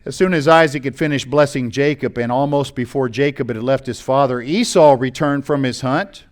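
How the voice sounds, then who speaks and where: A man's voice: medium pitch, moderate pace. A middle-aged American man, a pastor, preaching a sermon, reading scripture aloud and commenting on it in a conversational way.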